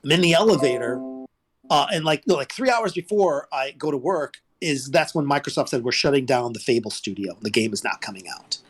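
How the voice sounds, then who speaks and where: Man, interview guest, rambling storyteller, animated pitch, frequent restarts. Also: a little fast, slight background noise. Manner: rambling and animated, with many restarts and big pitch jumps when quoting others. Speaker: guest, former toy developer.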